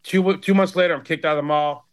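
On a relaxed podcast, a fifty-something guest from Cleveland who plays in a hardcore band tells stories bluntly and swears a lot. He speaks fast in a slightly high voice with fairly even intonation.

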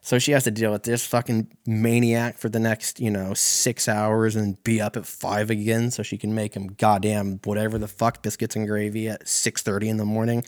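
Low-voiced man rambling with swearing. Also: flat delivery, normal speed, hardly any pauses, darkish tone. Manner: rambling, heavy swearing, self-correcting. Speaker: podcast host. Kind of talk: casual storytelling monologue.

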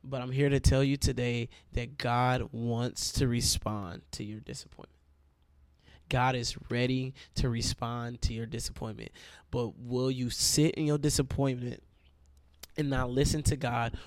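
Gravelly-voiced preacher man. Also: medium pitch, fairly even intonation, normal speed, no room sound. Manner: conversational, addresses listeners as y'all. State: itchy throat. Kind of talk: sermon.

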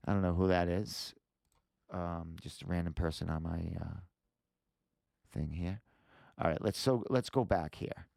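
In a dry, studio-quality recording, a podcast host casually walks livestream viewers through a website, thinking aloud with lots of fillers and constant swearing. His deep, gravelly, darkish voice keeps a measured pace and pauses often.

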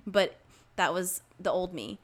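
A young woman co-hosting a casual talk show, recapping a movie with animated retellings and acted-out quotes. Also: on the low side, a little slow. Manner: animated, acts out scenes in quoted voices. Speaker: podcast co-host.

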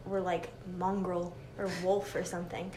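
A woman's voice: lowish voice, flat delivery, normal speed, mellow. A woman co-hosting a podcast, chatting casually with lots of fillers and giggles. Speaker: podcast co-host. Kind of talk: casual chat. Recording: roomy with faint hiss.

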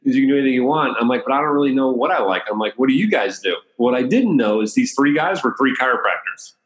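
A man's voice: mid-range voice, lively intonation, fast talker. A man from the Washington, D.C. area who works as a chiropractor, telling casual, anecdotal stories in an interview and laughing between them. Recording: roomy echo.

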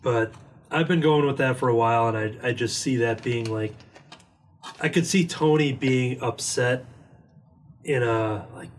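A man's voice: medium pitch, a little slow, long pauses. A man chatting casually about movies on a podcast, rambling with lots of "like" fillers. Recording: distant mic with faint noise.

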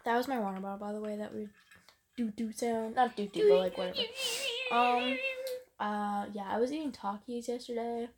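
A woman's voice: a little high, fairly quick, background noise. A teenage girl co-hosting a podcast in rambling, giggly, chaotic casual chat. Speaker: podcast co-host.

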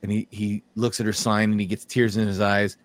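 A man's voice: on the low side, level tone, brisk. A male podcast host talking bluntly in casual, opinionated chat and telling stories as he goes. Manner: blunt, storytelling, laughs often.

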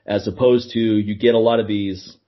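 A man co-hosting a casual business chat, animated and acting out exchanges with customers. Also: lowish voice, moderate pace, lo-fi sound. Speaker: podcast co-host, product seller.

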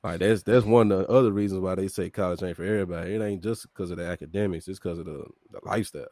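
A man's voice: low voice, very fast, darkish tone, dry recording, studio quality. A man from Memphis with a Southern accent, a podcast guest talking emphatically and profanely in casual chat. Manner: emphatic, profane, calls people fool and bro.

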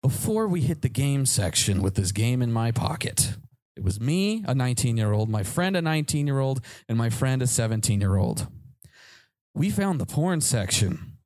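A man's voice: medium pitch, normal speed, dry recording. A man hosting a podcast, telling a comic story to a live audience and acting out the voices in it. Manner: animated, acts out voices in his anecdotes. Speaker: podcast host.

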